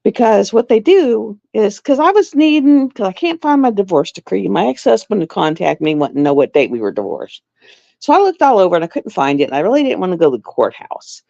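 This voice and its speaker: A middle-aged woman hosts a livestream, rambling casually through stories as she sews. Her medium-pitched voice is brisk, gravelly and warm, with big swings in pitch. The audio is dull, lo-fi and dry.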